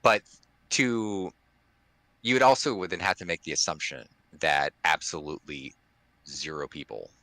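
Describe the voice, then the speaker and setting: A man with a very deep, bright voice talks casually as a podcast co-host. He rambles, restarting his sentences and leaning on fillers. The sound is close and dry. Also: moderate pace, dry recording. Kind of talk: casual chat.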